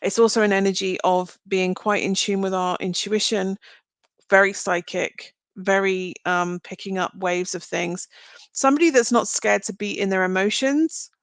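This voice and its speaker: Woman, live tarot reader, smooth clear voice, chatty and rambling, reassuring, dry close sound. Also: medium pitch, no echo. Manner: chatty and meandering, thinking aloud; reassuring, speaks straight to viewers. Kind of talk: live-streamed card reading.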